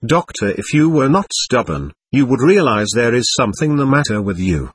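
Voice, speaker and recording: Man reading a stern, patient male doctor, husky, lectures steadily. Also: mid-range voice, big pitch swings, normal speed. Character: calm, firm male doctor questioning a spirit. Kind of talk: reading a séance transcript aloud.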